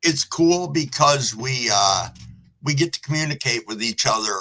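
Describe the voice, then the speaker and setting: A man's voice: medium pitch, expressive, moderate pace, over a noisy crowd, rough recording. A man hosting a live stream, chatting casually with a guest and cheerfully greeting viewers from the chat.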